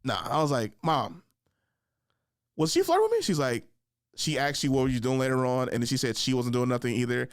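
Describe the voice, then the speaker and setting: A young man hosting a podcast, telling funny stories in a casual chat, jumping into high voices to act out other people and laughing along. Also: steady tone, brisk, smooth, no echo, clean studio sound. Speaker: podcast host. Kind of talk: casual storytelling monologue.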